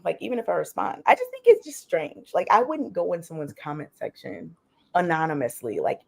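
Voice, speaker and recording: A woman co-hosting a casual podcast chat, talking in an animated, questioning way and saying "like" often. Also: fairly low pitch, fairly quick, gravelly. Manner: animated, questioning, many likes. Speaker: co-host.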